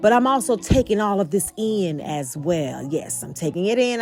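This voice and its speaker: A woman home vlogger telling a storytime tale, animated and addressing viewers directly. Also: medium pitch, normal speed, hardly any pauses, soft background music. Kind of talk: storytime vlog.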